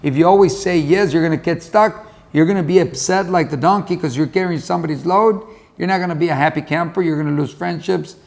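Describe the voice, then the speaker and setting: A man delivering a motivational talk to camera, folksy and conversational, circling back to repeat his lesson. His voice is gravelly, with a fair amount of creak, and sits a little higher than most men's. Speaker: motivational speaker. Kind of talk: motivational storytelling monologue.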